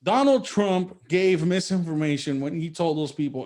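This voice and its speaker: A man with a fairly high voice co-hosts a political talk show. He argues point by point, leaning on rhetorical questions. He often stumbles through repeated words at the start of a sentence. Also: normal speed, darkish tone, a little hiss or hum. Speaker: podcast co-host.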